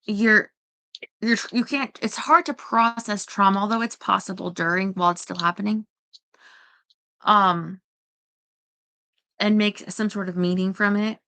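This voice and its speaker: A woman's voice: mid-range voice, unhurried, long pauses, pushed and bright. A woman hosting a casual chat, rambling with lots of fillers and quoting herself. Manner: rambling, full of fillers and self-quotes. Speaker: podcast host.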